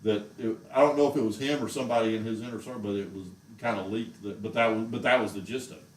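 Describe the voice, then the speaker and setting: A man's voice: fairly low pitch, fairly even intonation, fast. Ranting man, echoey room. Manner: heated, exasperated ranting. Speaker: show host. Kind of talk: casual rant on a livestream. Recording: roomy echo, mic far off.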